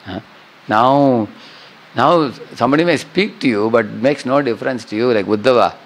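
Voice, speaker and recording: A man's voice: mid-range voice, normal speed, low-quality recording. A middle-aged man teaching a scripture class, often checking with listeners by asking "huh?" and "correct, no?". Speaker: spiritual teacher.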